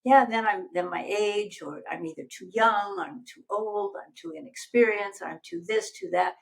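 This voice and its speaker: A woman's voice: mid-range voice, moderate pace, gravelly, rough recording. An older woman, a life coach, chatting as a guest and telling stories animatedly while acting out voices. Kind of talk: casual interview conversation.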